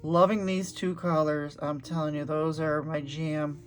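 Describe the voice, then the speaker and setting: A woman's voice: deep voice, little pitch movement, a little slow, soft background music. A middle-aged woman chatting casually as she paints swatches, gushing and thinking aloud. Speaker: art vlogger.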